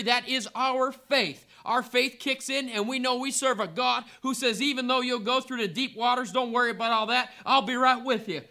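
A man's voice: very high-pitched, bright, forceful tone. A pastor preaching a fervent sermon, a man building emphatic repeated lines.

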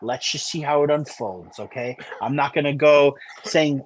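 A man's voice: medium pitch, expressive, moderate pace, breathy edge. A man co-hosting a sports podcast, ranting in casual chat and repeating himself for emphasis. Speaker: podcast co-host.

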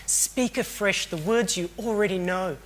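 A man's voice: sits high, unhurried, fairly bright tone. A man preaching a sermon in an earnest, reflective way, often repeating phrases for emphasis.

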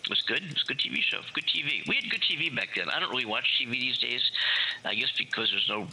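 A man's voice: medium pitch, expressive, fast talker, vocal fry, bright, forceful tone, breathy edge, rough recording. A man co-hosting a casual radio chat show, playful and rambling, drifting into asides. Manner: playful, breaks into singing snippets and rambling asides. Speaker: co-host.

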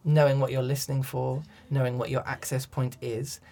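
A man's voice: mid-range voice, flat delivery, normal speed, creaky, warm tone. A man, a coach, answering interview questions thoughtfully with frequent restarts and ums. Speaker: accent coach.

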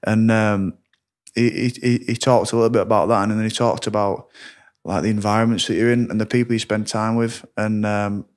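A man hosting a casual podcast, relaxed, reflecting and backing his guest with "yeah" and "mm". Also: lowish voice, fairly quick. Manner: relaxed, lots of "yeah" and "mm" backchannel. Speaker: podcast host.

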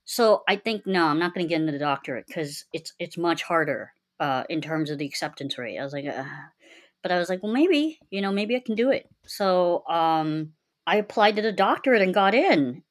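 A woman's voice: fairly low pitch, fairly quick. A young adult woman candidly telling her life story in a casual, rambling way, with many fillers and quotes of her own past words.

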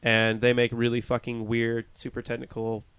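A young man with a smooth, resonant voice, rambling through a casual podcast chat. He talks in a loose, self-deprecating way and swears now and then. The sound is dry and close, with no room behind it. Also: mid-range voice, monotone, moderate pace, fairly bright tone, dry recording. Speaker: podcast co-host.

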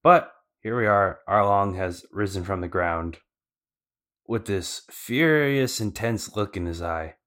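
A man with a deep, low voice recaps the story for a podcast. His delivery is casual and slangy, with loose fillers and asides. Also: slow, a bit bright. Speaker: podcast co-host.

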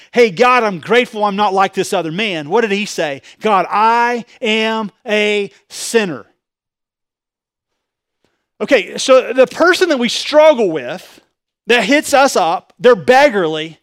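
A pastor preaches a sermon conversationally, swinging between loud emphasis and quiet asides. His voice is high-pitched, and the recording is clean studio sound with no room noise.

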